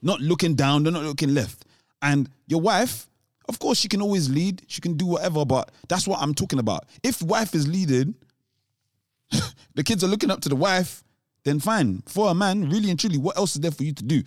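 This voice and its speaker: A man's voice: on the high side, lively intonation, normal speed, no room sound, clean studio sound. A man chatting casually as a co-host, rambling off on tangents with lots of restarts and street slang. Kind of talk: casual chat.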